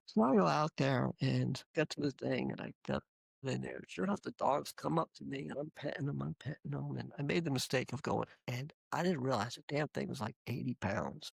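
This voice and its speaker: A man being interviewed, casually telling lively anecdotes with frequent restarts. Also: medium pitch, a little fast, vocal fry, breathy edge, no echo. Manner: animated, laughing anecdotes with acted quotes. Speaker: interview guest. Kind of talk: casual storytelling.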